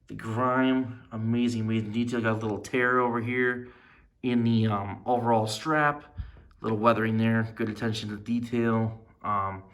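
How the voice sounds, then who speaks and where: Gravelly man raving over a collectible. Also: lowish voice, a bit bright. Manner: enthusiastic, rambling, frequent fillers and restarts. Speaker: collector reviewing a figure. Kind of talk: casual show-and-tell review.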